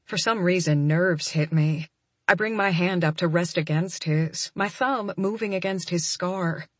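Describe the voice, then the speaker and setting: A young adult woman narrating a first-person romance audiobook, soft and emotional, often close to a whisper. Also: mid-range voice, no room sound.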